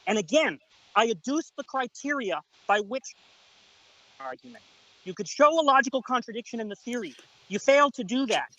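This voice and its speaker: A man's voice: extremely high pitch, animated, normal speed, pushed and bright, rough recording. A man in a heated debate on a video call, talking insistently and repetitively, interrupting to lecture his opponent.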